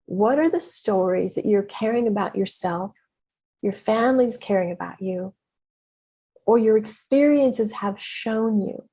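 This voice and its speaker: A middle-aged woman hosting her own podcast, telling a story in a lively, conversational way with frequent exclamations and laughter. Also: mid-range voice, unhurried, husky. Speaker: podcast host and business mentor. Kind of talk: casual solo podcast monologue.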